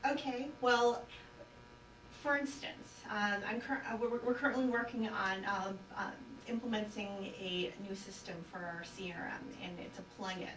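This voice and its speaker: A woman's voice: medium pitch, fairly even intonation, moderate pace, reverberant. Woman, hesitant, self-conscious, distant mic, noisy room. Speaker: hypnosis client. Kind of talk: casual interview talk.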